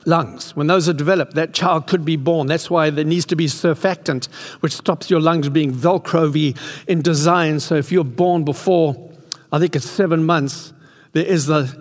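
A man in his sixties preaching an impassioned sermon in a church hall. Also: fairly high pitch. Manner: impassioned, rising to excited peaks. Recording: long hall reverb.

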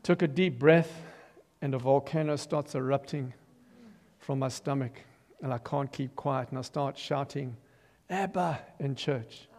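An older man giving a testimony sermon as an animated storyteller who acts out quotes and breaks into loud emphasis. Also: medium pitch, unhurried. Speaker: preacher giving his testimony. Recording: long reverb of a large hall.

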